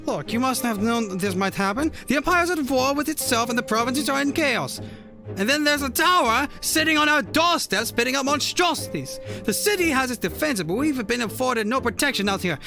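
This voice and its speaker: A man voicing agitated harbor guild workers in a video game, arguing loudly and in exasperation. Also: extremely high pitch, lively intonation, fairly quick, gravelly, over music, voice pushed up, full character voice. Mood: exasperated.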